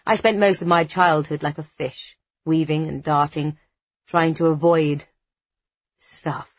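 A woman narrating a first-person novel as an audiobook, with a measured, expressive delivery. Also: low voice, no echo. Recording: dull, dry studio recording.

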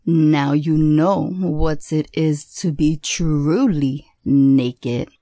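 A woman voicing a cruel male tormentor in a hellish place who mocks his victim in a slow, relishing way. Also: sits low, warm tone, no room sound, clean studio sound, voice pushed down. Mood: gloating.

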